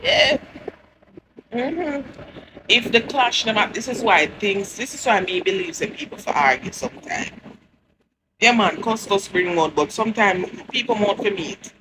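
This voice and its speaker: A woman with a Jamaican accent delivers casual entertainment commentary in a chatty, teasing way and laughs often. Her pitch sits mid-range for a woman. Steady background noise runs under the recording. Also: unhurried. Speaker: entertainment news vlogger.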